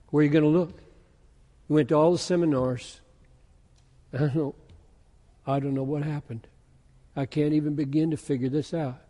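A pastor preaching a sermon, moving from quiet musing into loud, intense emphasis. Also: male voice, a little high. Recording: echoey hall with long reverb.

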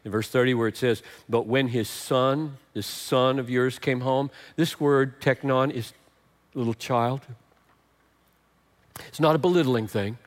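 An older man preaching a sermon as a pastor, moving between loud emphatic points and hushed, tender passages. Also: mid-range voice, steady tone, unhurried. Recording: long hall reverb.

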